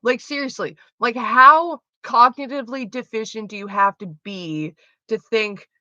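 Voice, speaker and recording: Blunt, foul-mouthed woman with a bright voice. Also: a little high, a little slow, no room sound. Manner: blunt, heavily profane, rambling. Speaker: livestream host. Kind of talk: casual livestream chat. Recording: slightly muffled lo-fi audio.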